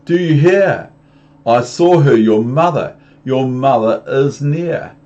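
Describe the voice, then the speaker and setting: A man voicing an anxious, fussy little pet fish in a storybook, giving loud, urgent warnings. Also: medium pitch, animated, slow, dull audio, voice pushed up. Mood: alarmed.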